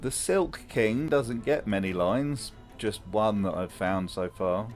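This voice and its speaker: A man narrates a comedic video essay in a dry, mocking tone, his voice sitting fairly low. It is a close voice-over, with faint music playing behind. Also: expressive, slow pace.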